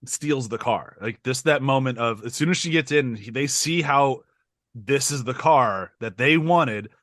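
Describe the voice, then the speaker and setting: A man co-hosting a podcast rambles enthusiastically through a movie, full of fillers and sounding over-caffeinated. His mid-range voice is unhurried and fairly bright, recorded with studio quality and no room sound.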